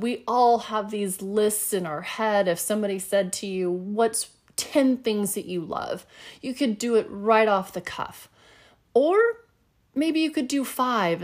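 A middle-aged woman hosting a solo podcast, talking in a chatty, upbeat way with plenty of fillers. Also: medium pitch. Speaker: podcast host.

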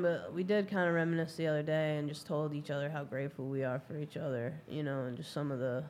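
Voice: mid-range voice, fairly even intonation, quick pace, few pauses, a little mellow, a little hiss or hum. A speaker in a casual chat who talks in a reflective, candid way about personal growth.

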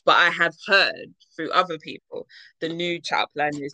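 Animated woman host, dry close sound. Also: low-pitched, normal speed, dry recording, low-quality recording. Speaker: podcast host. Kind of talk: casual chat.

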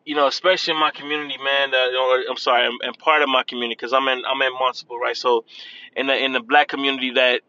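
A man hosting a talk show, riffing in casual slang and tacking a drawn-out "man" onto his lines. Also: medium pitch, level tone, sharp tone, muffled recording. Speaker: podcast host. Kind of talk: casual commentary.

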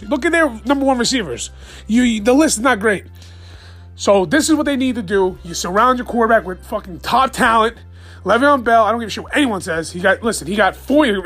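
Excited, profane man ranting late at night. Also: high voice. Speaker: podcast host. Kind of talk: solo fan podcast rant.

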